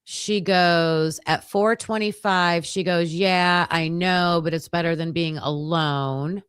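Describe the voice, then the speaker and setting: A woman with a slightly low voice hosts a casual true-crime livestream. She reads case documents aloud, thinking aloud as she skims and restarting her sentences. The recording is dry and close. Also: fairly even intonation, takes it slowly, clean tone, no echo. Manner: thinks aloud while skimming pages, hesitant restarts.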